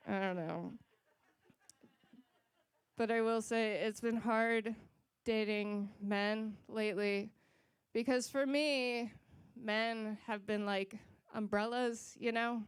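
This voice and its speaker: A woman doing a short stand-up set with deadpan, slow punchline delivery. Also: a little high, smooth, no echo. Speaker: stand-up comedian. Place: small comedy club stage.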